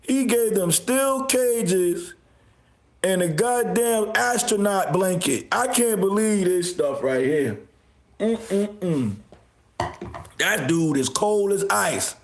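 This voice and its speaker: Mocking high-voiced man ranting on a livestream. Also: expressive, takes it slowly, reverberant. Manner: mocking, loud laughing outbursts, insults viewers. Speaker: livestream host.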